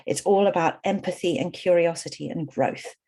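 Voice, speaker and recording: A woman's voice: lowish voice, normal speed, warm tone, slightly rough. A middle-aged woman coach leading an online workshop. She explains earnestly and often talks in repeated lists.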